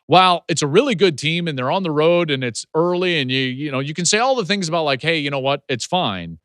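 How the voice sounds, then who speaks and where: Animated, emphatic American podcast host. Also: male voice, a little high, quick pace, clean tone, no room sound, studio quality. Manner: emphatic, punchy delivery with repeated rhetorical questions. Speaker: podcast host and football analyst. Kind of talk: solo sports analysis podcast.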